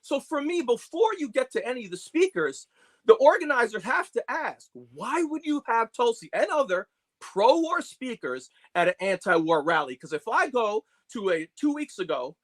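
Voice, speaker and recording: A man talking as a guest in a heated political discussion. His voice sits high and moves with wide, lively swings. He rambles passionately and leans hard on his points. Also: brisk.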